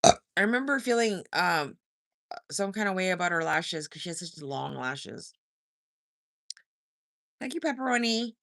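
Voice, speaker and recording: This livestream host is a woman with a lowish, expressive, creaky voice and a fairly bright tone; she speaks unhurriedly and pauses often. She goes through viewer comments in casual chat, teasing, laughing frequently and singing short lines. There's no room sound, and the quality is studio-grade.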